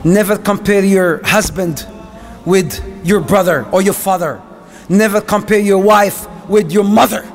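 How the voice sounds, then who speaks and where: A man giving a lively sermon about marriage, acting out small everyday scenes as he goes. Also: high-pitched, measured pace, faint music behind. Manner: animated, acts out little scenes. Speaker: preacher.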